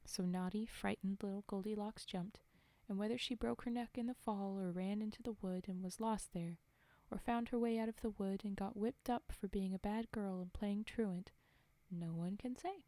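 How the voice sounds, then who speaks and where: A woman whispering a fairy tale slowly and softly as a storyteller, in a whispered role-play reading. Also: medium pitch, no echo. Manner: soft, slow, whispered reading. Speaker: storyteller and streamer.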